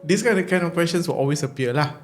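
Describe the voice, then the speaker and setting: Malaysian guy on a podcast, kinda high voice, open and candid, mixes english and malay. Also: animated, fast, faint music behind. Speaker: podcast co-host. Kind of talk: casual podcast chat.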